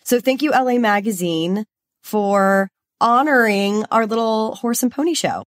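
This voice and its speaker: A woman's voice: on the high side, measured pace. A young woman from Los Angeles co-hosting a podcast, talking in a bubbly, chatty way and saying "like" a lot. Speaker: podcast co-host. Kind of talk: casual chat.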